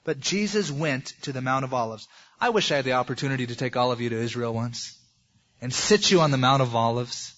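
A man's voice: mid-range voice, brisk, fairly bright tone. A man preaching an expository sermon in a conversational way, acting out the voices of people in the passages he quotes. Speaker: pastor. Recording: dull lo-fi recording.

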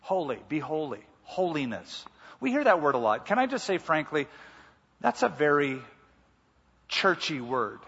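A man's voice: on the high side, very animated, unhurried, fairly bright tone, slightly rough. A male pastor preaching a sermon, emphatic and repeating key words. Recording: muffled hall reverb.

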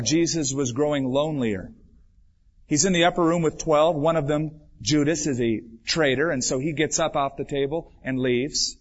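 A man preaching a sermon as pastor, building his voice up for emphasis and then dropping it low and quiet. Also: husky. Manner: dramatic preaching, swells and drops for emphasis. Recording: dull lo-fi 1996 church recording.

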